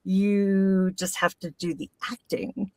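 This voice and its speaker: A middle-aged woman, a voice actor, talking in a casual podcast conversation, animated and playful with frequent laughs. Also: medium pitch, slow, no room sound, recorded from a distance. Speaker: voice actor guest.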